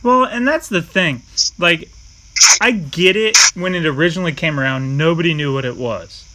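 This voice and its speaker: A young man chatting casually, an animated storyteller who swears freely, with background hiss on the recording. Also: fairly high pitch, normal speed, rough recording. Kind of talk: casual chat.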